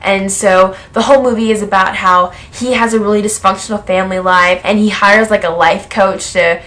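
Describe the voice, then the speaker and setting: A woman's voice: medium pitch, fairly even intonation, normal speed, a bit bright. Gushing young woman fan. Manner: gushing, lots of "like" fillers. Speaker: vlogger. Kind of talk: excited fan recap vlog.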